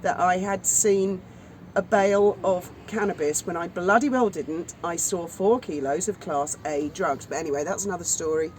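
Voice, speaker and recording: A woman's voice: fairly low pitch, normal speed, low-quality recording. Woman, co-host, chatty storyteller, casual outdoor chat, faint noise behind. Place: outdoors at sunset.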